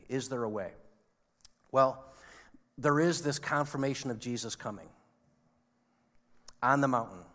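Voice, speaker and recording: A male pastor preaching a sermon in a conversational way, asking the audience rhetorical questions and moving between loud emphasis and hushed, quiet lines. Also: mid-range voice. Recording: long reverb of a large hall.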